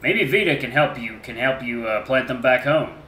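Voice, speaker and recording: A man voicing a gentle, caring white tiger man who speaks softly and reassuringly. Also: mid-range voice, expressive, moderate pace, roomy sound, a little hiss or hum.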